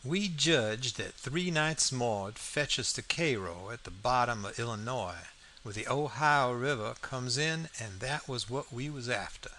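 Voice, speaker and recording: A man's voice: mid-range voice, expressive, measured pace, sharp tone, a little hiss or hum. A man reading an audiobook aloud, in a folksy first-person storytelling manner with plain vernacular grammar. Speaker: audiobook narrator. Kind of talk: scripted narration.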